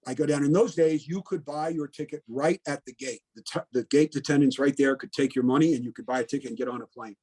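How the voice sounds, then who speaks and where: An older man in his seventies, originally from Connecticut, shares his memories in an unhurried oral history interview. His voice sits at an ordinary middle pitch. He is plainspoken and sometimes blunt, stopping to think and correct himself as he tells it in the present tense. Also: warm tone, breathy edge. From Connecticut, USA. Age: 70s. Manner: plainspoken, blunt, reflective, with many "um"s and "you know"s. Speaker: veteran interviewee.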